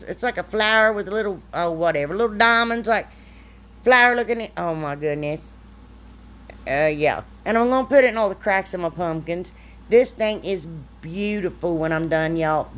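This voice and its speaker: A woman, chatty and self-deprecating, talking through a craft tutorial. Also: mid-range voice. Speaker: craft vlogger. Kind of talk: casual crafting tutorial voice-over.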